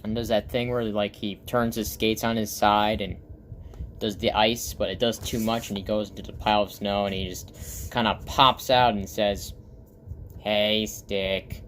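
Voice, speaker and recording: A man with a raspy voice casually walking through an old comic he made, rambling with lots of fillers and restarts. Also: on the low side, fairly even intonation, moderate pace, fairly bright tone, a little hiss or hum. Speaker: comic artist and vlogger. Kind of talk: casual show-and-tell.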